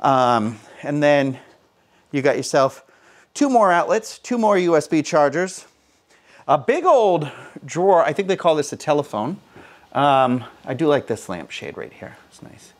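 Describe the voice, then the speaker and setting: A man's voice: a little high, sing-song, measured pace. A young man casually giving a hotel room tour, chatty and jokey with self-mocking asides. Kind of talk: casual walk-through vlog.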